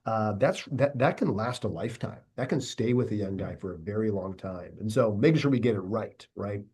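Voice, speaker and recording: A man leading an academy, speaking as a podcast guest in a measured, reflective way, often ending his points with a checking question. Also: fairly low pitch, expressive, a little mellow, husky. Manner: measured, reflective, tags sentences with "right?". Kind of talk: interview conversation.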